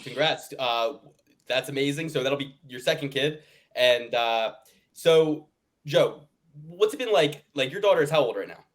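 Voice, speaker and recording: A man's voice: medium pitch, normal speed. A man hosting a podcast, asking chatty, rambling questions in a casual interview chat. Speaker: podcast host.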